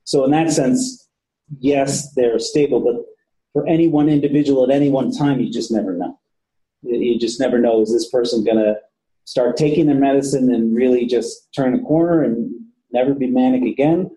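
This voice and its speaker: Man with a very dark voice lecturing. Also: medium pitch, normal speed, echoey room, poor audio. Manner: conversational, repeats words, casual swearing. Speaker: clinician training police. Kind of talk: training lecture.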